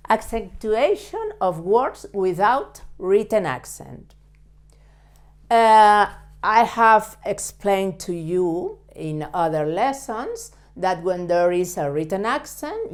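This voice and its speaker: Slow, careful Spanish-speaking woman teacher. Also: medium pitch, darkish tone. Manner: slow and careful, with frequent fillers and self-corrections. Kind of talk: step-by-step language lesson.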